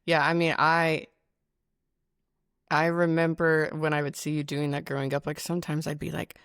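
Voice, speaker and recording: Low-voiced woman hosting a chat. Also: level tone, normal speed, fairly bright tone, clear, resonant tone, no room sound, clean studio sound. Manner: thoughtful, rambling, many restarts. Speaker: podcast host. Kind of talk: casual conversation.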